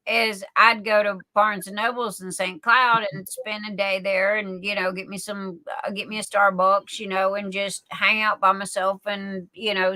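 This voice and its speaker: A woman's voice: mid-range voice, bright, forceful tone, no room sound, poor audio. A woman telling folksy stories in casual livestream chat, often repeating and restarting words. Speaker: livestream guest.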